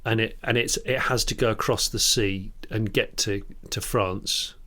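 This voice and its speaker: A man's voice: fairly low pitch, unhurried. Playful man co-hosting a podcast. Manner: animated, playful, laughs often. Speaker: podcast co-host. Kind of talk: casual chat.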